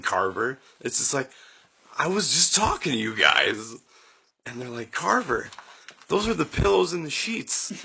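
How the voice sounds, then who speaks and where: A young man hosting a podcast, telling a story in a casual, animated way, acting out quotes with jumps in his voice and laughing often. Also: medium pitch, creaky, a little hiss or hum. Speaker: podcast host.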